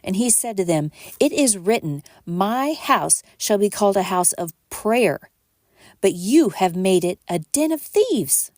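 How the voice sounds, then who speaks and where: A woman hosting a podcast, reading scripture aloud at a measured pace and lifting her voice for quoted speech. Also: mid-range voice, sing-song, darkish tone, dry recording, clean studio sound.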